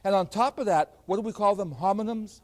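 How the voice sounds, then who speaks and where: A man giving a math lecture, explaining ideas in an animated, emphatic way. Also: high voice, brisk. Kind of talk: classroom lecture.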